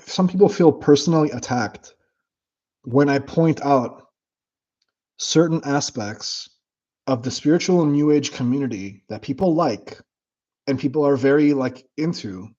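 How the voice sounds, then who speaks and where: A man hosting his own livestream, chatting casually with viewers in a blunt, profane and animated way. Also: a little high, measured pace, pauses often, dull audio. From United States. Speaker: livestream host. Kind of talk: casual livestream chat reading comments.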